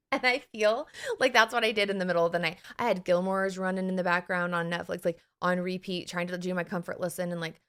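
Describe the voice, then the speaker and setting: A woman co-hosting a podcast as an anxiety coach, telling a personal story in a casual, animated way, laughing and acting out her own inner voices. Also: on the low side, brisk, smooth.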